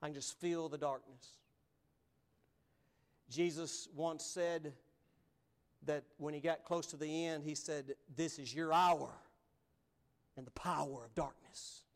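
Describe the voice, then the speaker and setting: Emphatic preacher, fairly high voice. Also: male voice, fairly even intonation, slow pace, long pauses. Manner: emphatic, swings between loud and hushed. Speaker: pastor. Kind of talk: sermon. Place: church sanctuary.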